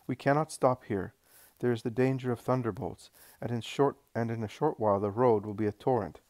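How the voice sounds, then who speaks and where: A man voicing a gentle, serene male teacher who speaks calmly and reassuringly. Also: mid-range voice, fairly quick, dry recording, close to an everyday voice. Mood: tender. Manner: calm, tender, reassuring.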